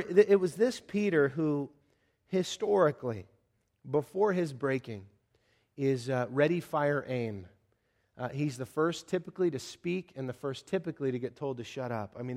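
Animated man preaching conversationally. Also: a little high. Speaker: pastor. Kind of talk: sermon.

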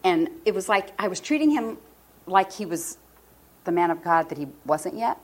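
An older woman giving a personal testimony to a church group, earnest and openly emotional. She voices other people's words vividly in a fairly low voice. Faint noise sits under the recording. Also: lively intonation, normal speed. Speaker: marriage ministry speaker.

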